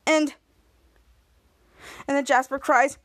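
Her voice is high with a steady tone, and she takes her time. As a podcast host summarizing a TV episode, she wanders from scene to scene using "and then" and "like," often starting over and self-correcting.

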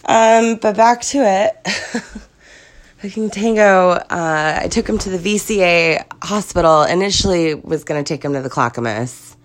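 A woman's voice: lowish voice, measured pace. A woman in her thirties, sick with a cold and sniffly, telling a stressful story in a casual vlog, profane and rambling, laughing through it. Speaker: vlogger.

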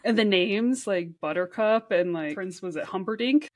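A woman's voice: medium pitch, normal speed, dry recording. A woman hosting a podcast in casual chat, emphatic and laughing often. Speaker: podcast host.

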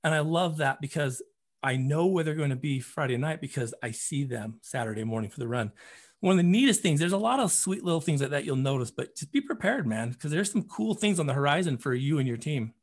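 Husky, animated storytelling man. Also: a little high, a little fast. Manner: animated storyteller, repeats words when excited. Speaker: running coach and program founder. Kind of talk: podcast guest storytelling.

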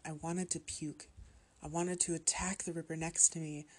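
A woman narrates a horror story aloud, steady and measured, her low voice carrying a husky grain. She keeps the telling calm and even.

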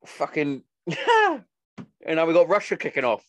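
A man's voice: on the high side, measured pace, no room sound. A man chatting casually, swearing often and acting out the stories he tells. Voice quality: sweary, animated storytelling. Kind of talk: casual chat.

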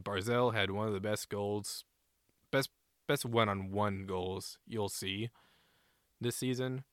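A man co-hosting a casual sports podcast, animated and a bit profane, often acting out players' shouted lines. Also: lowish voice, clean tone, no echo, studio quality. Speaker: co-host.

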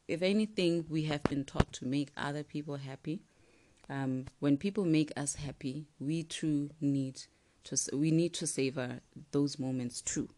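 A woman giving an earnest, encouraging motivational talk, sometimes dropping to soft asides. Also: low voice. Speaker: motivational speaker.

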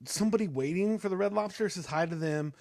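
A man's voice: sits high, fast talker, a little mellow, no room sound, studio quality. A young man telling a long story on a talk show, casual and rambling, with many fillers and restarts. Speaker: co-host.

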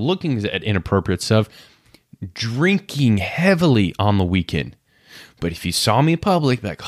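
Here the same kind of studio-clean, dry recording captures a man in his thirties with a mid-range voice hosting his podcast. Turning inward, he talks openly about where he's come from and performs the different voices in his head.

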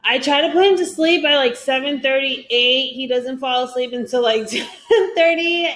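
A young woman with a high, bright-sounding voice talks loudly and with lots of animation. She is chatting casually as a podcast co-host about home life and laughs easily between stories. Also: moderate pace. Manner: loud, animated storyteller, laughs often. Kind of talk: casual chat.

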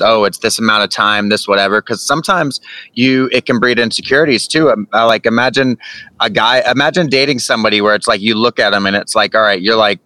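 A man's voice: on the low side, sharp tone, dry recording. A man in casual podcast chat, rambling and thinking aloud.

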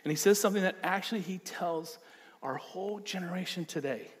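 A male pastor delivering a sermon, his voice pitched slightly high for a man. He moves between hushed, low phrases and sudden emphatic bursts. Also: brisk. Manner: dynamic preaching, dropping low then rising to emphatic bursts.

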